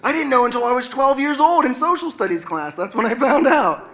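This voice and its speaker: A man in his forties works through a self-deprecating stand-up set on stage, loose and conversational, with casual swearing. His voice is bright and forward. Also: very high voice, animated, a little fast. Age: 40s. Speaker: stand-up comedian. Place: stage at an arts center.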